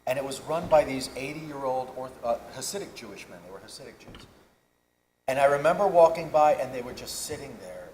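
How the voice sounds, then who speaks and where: A man's voice: mid-range voice, darkish tone, slight background noise. A man in his fifties, a convention panel guest, telling long digressive anecdotes on stage. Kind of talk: storytelling on stage. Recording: roomy hall, faint ambience.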